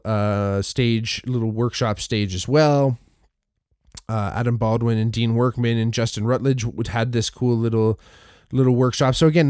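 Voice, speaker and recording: A man's voice: medium pitch, a little mellow, clear, resonant tone, no room sound, studio quality. A male podcast host casually recounting a festival weekend, rambling with frequent restarts, fillers and swearing. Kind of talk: casual solo recap.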